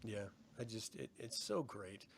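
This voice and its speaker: A young man co-hosting a casual review chat, excited, swearing often and acting out scenes in quoted voices. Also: fairly low pitch, unhurried, creaky. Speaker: podcast co-host.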